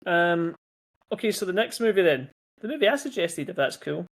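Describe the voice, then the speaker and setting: A man's voice: high voice, sing-song, moderate pace, vocal fry, fairly bright tone. A man hosting a podcast over a video call, rambling casually through film trivia and swearing freely. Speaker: podcast host. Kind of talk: casual chat.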